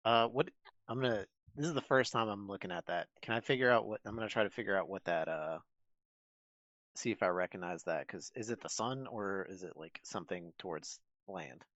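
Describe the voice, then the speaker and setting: A man playing an adventurer in a tabletop game, speaking in a hesitant, halting way on a dull, lo-fi mic. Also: fairly low pitch, a bit bright, no room sound, natural voice. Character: male adventurer who knows the coast.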